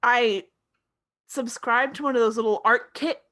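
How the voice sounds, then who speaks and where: A woman co-host in loose comedic podcast chat, with a slightly high voice. She talks in an exuberant, self-mocking way and breaks into excited yelps. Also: a little slow.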